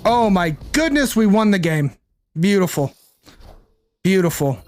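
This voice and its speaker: A young man with a fairly high voice streams a card game and talks casually the whole time. He thinks his plays through out loud and keeps answering his chat. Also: big pitch swings, measured pace. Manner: chatty, thinks aloud, reads and answers chat. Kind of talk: casual live-stream commentary.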